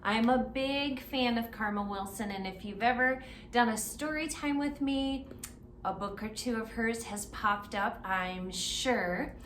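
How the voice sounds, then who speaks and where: A woman librarian reads a picture book aloud to children at a very slow, unhurried pace. She keeps pausing to ask her young listeners questions. Her voice is fairly high and echoes in a roomy space, with faint noise in the background. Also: a bit bright. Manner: interactive, asks children questions. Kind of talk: children's story time read-aloud.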